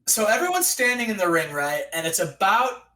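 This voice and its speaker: A man casually recapping a wrestling simulation game, telling it like an excited announcer and playing the crowd. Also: high voice, fairly quick, recorded from a distance, poor audio. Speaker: podcast co-host recapping a wrestling sim. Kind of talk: casual chat.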